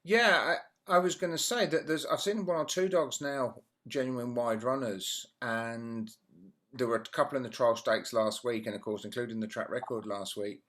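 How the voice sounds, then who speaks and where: Mid-pitched male interviewer, chatty, leans on tag questions. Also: fairly even intonation, moderate pace, a bit bright. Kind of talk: casual interview.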